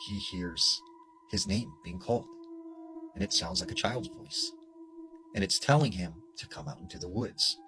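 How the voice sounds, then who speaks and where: A man telling a spooky story, acting out the characters' shouted lines. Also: lowish voice, poor audio. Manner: animated, shouts quoted lines. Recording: music playing behind.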